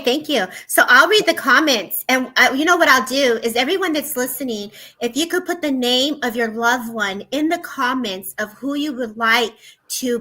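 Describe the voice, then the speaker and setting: A woman's voice: on the high side, bright, forceful tone, poor audio. A woman hosting a livestream, reading out viewers' comments in an eager, emotional way. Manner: eager and emotional, quick to exclaim. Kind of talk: casual live chat.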